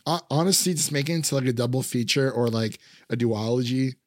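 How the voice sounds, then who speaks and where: A man with a mid-range voice chats casually about a film, talking a little fast. He rambles with lots of fillers and laughs often, and the recording is dry with clean studio sound.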